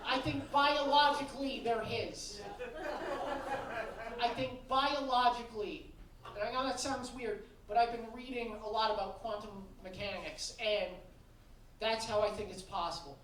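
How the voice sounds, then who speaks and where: A woman's voice: fairly high pitch, normal speed. A woman doing a stand-up set on a club stage, blunt and profane. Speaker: stand-up comedian. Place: comedy club stage with live audience. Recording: echoey live room, distant mic, noisy.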